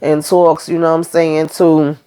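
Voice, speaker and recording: Low-voiced woman giving a chatty TV recap. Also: flat delivery, normal speed, dark tone, clean tone. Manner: chatty, slangy, retells scenes acting out the lines. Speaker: TV recap host. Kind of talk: casual episode recap.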